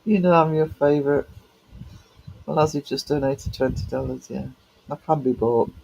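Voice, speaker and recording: High-voiced man chatting on stream. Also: fairly even intonation, moderate pace, gravelly, darkish tone, highs cut off, a little hiss or hum. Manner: chatty, greets viewers by name, affectionate pet names. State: voice cracking. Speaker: live streamer. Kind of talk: casual live-stream chat with viewers.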